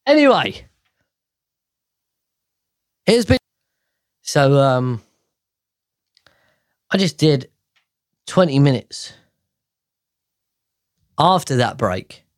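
A man's voice: mid-range voice, big pitch swings, drawn-out words, long pauses. A man, hosting a solo podcast in a sweary, rambling, exasperated way. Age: 30s. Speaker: podcast host. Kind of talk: casual solo podcast chat. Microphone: podcast mic.

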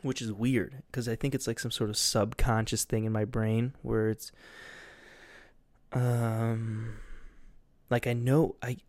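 A man's voice: medium pitch, flat delivery, takes it slowly, darkish tone, no room sound. A young man rambling casually as a podcast host, loose and goofy, with lots of fillers and swearing.

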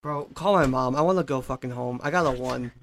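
A man's voice: mid-range voice, a little fast, slight background noise. A young man playing a tabletop game, swearing and complaining with mock drama. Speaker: player. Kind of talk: casual gaming banter.

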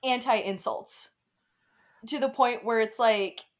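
A woman co-hosting a podcast in a giggly way, chatting casually with quick asides. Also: fairly high pitch. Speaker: podcast co-host. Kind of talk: casual chat.

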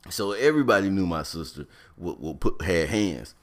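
Deep-voiced man telling a lively story. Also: moderate pace. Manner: animated, slangy, breaks into high put-on voices for other people. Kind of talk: casual comic storytelling.

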